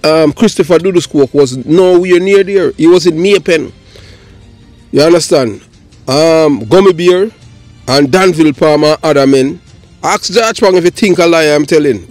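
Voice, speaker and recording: A man's voice: fairly high pitch, no echo. A man with a Jamaican accent, emphatically introducing a story in patois as a channel host.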